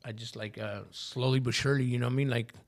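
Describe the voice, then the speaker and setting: A man's voice: medium pitch, fairly even intonation, fast talker, creaky. A man telling his recovery story as a podcast guest, in rambling street slang full of swearing. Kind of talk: personal recovery story in casual talk.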